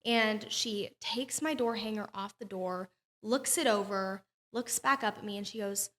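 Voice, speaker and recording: Young woman guest, bright forceful voice, animated storytelling in casual chat. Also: mid-range voice, a little slow. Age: young adult. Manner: animated storyteller who acts out quotes. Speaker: interview guest, former political candidate.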